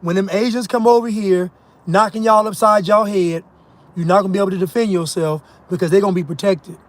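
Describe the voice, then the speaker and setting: Male commentator, high-pitched, mocking monologue with scoffing laughs. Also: steady tone, fairly quick, no echo. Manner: emphatic, mocking, laughs at his own points. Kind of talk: ranting monologue.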